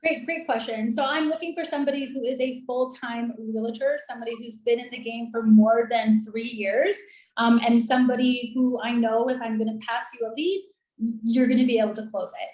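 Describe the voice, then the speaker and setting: A woman talking in a chatty, upbeat, persuasive way, pitching her business on a video call. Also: steady tone, fairly quick, darkish tone. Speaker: lead generation and call center business owner. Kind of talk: casual sales pitch on a coaching call. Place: in Colombia. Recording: roomy echoey room.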